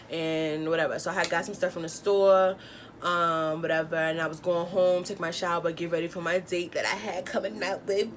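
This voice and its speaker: A young woman telling a storytime vlog in slangy, casual chat, acting out quotes with loud exclamations. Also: medium pitch.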